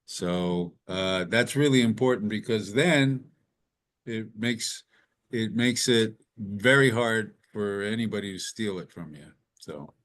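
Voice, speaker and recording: A man's voice: fairly low pitch, slow pace, a bit bright. A man hosting a music industry panel, reading the chat aloud and giving practical advice in a casual way. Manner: advising, reads the chat aloud.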